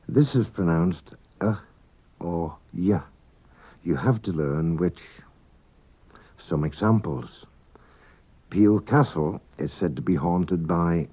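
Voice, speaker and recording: A man reading a scripted radio language lesson, pronouncing each word slowly and carefully. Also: sits low, dark tone, breathy edge. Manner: slow, careful, precise pronunciation. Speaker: language teacher. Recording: dull lo-fi 1980s radio recording.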